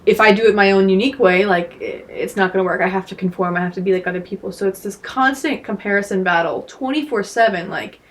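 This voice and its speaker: A woman's voice: medium pitch, quick pace, few pauses. A woman speaking earnestly in a casual podcast conversation, often filling her speech with "like" and "you know".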